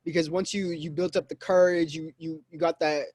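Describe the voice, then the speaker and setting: A man's voice: fairly high pitch, little pitch movement, fairly quick, a little mellow, slightly rough, dry recording. A man hosting a conversation, recapping his guest's points and hyping him up. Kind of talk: conversational interview.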